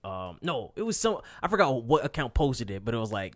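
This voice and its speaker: A man's voice: mid-range voice, big pitch swings, fairly quick, no room sound. A young man tells stories on a casual podcast, his voice rising and falling widely as he swears and laughs. He has a mid-range voice, recorded dry and close. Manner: profane, laughing storyteller. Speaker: podcast co-host. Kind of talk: casual chat.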